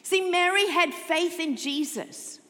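A woman pastor preaching a sermon, expressive, moving between loud emphasis and soft, intimate tones. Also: extremely high pitch, takes it slowly, in a large hall. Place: church sanctuary.

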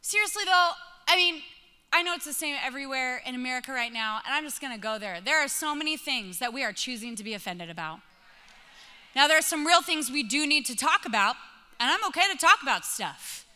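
A woman in her thirties delivers a sermon with a high, piercingly bright voice. She tells stories in an animated way and acts out every bit of dialogue. Her words ring out with the long reverb of a big hall. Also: a little fast. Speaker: pastor. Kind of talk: sermon with personal story.

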